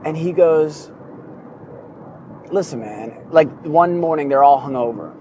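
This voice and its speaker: A man hosts a podcast from his car on the morning commute. He retells stories in a casual, animated way and jumps up in pitch when he acts out the people he quotes. His voice sits a little high but sounds warm and mellow over a faint hum of the vehicle. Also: measured pace. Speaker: podcast host. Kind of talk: casual storytelling monologue.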